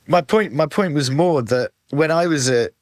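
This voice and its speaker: A man hosting a podcast, chatting in a measured way, thinking aloud and hedging his points. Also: fairly high pitch, no echo, clean studio sound. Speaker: podcast host. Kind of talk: casual chat.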